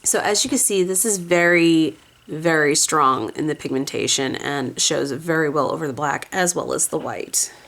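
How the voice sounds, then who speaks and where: A woman casually talking through her nail polish swatches at home, slow and rambling with restarts. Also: vocal fry. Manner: soft high cooing baby talk to her cat. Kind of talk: casual swatch video chat.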